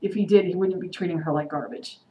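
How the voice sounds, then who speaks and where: A woman's voice: lowish voice, fast, warm tone. Indignant woman ranting in a vlog. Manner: heated, indignant rants with sarcastic mimicry. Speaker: TV episode vlogger. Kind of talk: casual recap vlog. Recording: echoey room with faint ambient noise.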